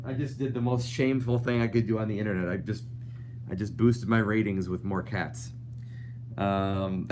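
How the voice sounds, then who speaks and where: Young male host, low voice, loose rambling chat over faint hum. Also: measured pace. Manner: rambling, chatty, reads viewer comments aloud. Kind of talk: casual live-stream chat.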